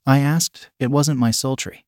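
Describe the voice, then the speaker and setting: A man reading a first-person adult story aloud in a steady, intimate manner. His voice sits at an ordinary middle pitch, recorded close and dry with no room echo. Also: measured pace. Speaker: story narrator.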